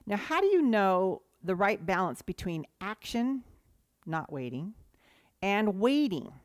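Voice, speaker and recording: A woman giving a sermon as a guest speaker, telling stories in an animated way. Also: medium pitch, unhurried, dry recording, clean studio sound. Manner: animated storytelling.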